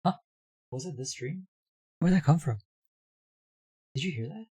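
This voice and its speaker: A hoarse young man streaming live, chatting casually, reading his chat aloud and laughing often. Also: fairly high pitch, lively intonation, unhurried, dark tone.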